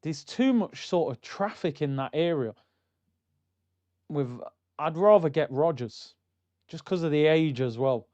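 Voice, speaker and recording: A young man chatting casually on a live football watchalong stream, telling stories in a slangy, animated way that swings from loud hype to low muttering. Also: measured pace, long pauses, dull audio.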